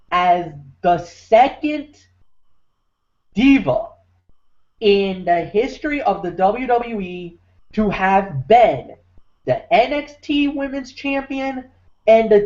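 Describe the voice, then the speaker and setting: A man's voice: high-pitched, darkish tone. A man hosting a wrestling recap show, talking with emphatic, preacher-like force. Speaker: podcast host. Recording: muffled lo-fi audio.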